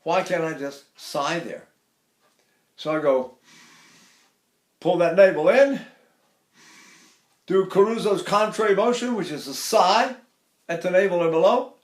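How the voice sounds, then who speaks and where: A man's voice: expressive, unhurried, pauses often. An older man teaching vocal technique, stopping to demonstrate sighs and sung phrases. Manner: demonstrates by sighing and singing phrases high. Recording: echoey room.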